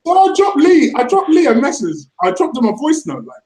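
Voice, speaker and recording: A man's voice: very high voice, a little fast, roomy sound, rough recording. A man hosting a casual fan review chat, laughing often. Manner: excitable, laughs often, London slang. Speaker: podcast host.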